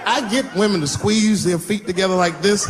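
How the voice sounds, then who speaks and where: A man's voice: high voice, fairly quick, background noise. A man doing a stand-up comedy set on stage, telling profane stories and acting out quoted voices. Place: stage before a live audience.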